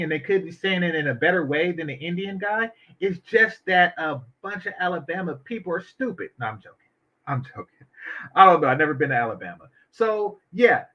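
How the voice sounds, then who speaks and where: A man's voice: high-pitched, pushed and bright. A man hosting a casual commentary stream, blunt and opinionated and swearing freely as he reacts to an interview. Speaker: commentary channel host. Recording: dull lo-fi audio.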